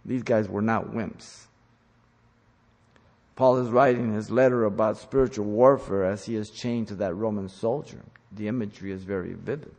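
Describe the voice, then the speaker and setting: A man preaching a sermon, teaching in an emphatic style that rises to loud commands. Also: lowish voice, steady tone, moderate pace, creaky. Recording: long hall reverb.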